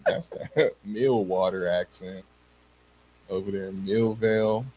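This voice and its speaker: A man's voice: fairly low pitch, unhurried, low-quality recording. A man from Pittsburgh with a Pittsburgh accent, co-hosting a casual chat with lots of laughter. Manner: laughing, animated storytelling. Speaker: podcast co-host.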